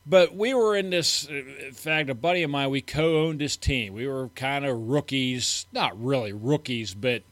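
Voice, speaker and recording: A man's voice: mid-range voice, unhurried, hardly any pauses, a bit bright, no room sound. A man co-hosting a casual fantasy football show in a small studio, citing stats and telling old league stories in a matter-of-fact way. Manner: stat-heavy, matter-of-fact, anecdotal. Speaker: co-host. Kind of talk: casual sports chat.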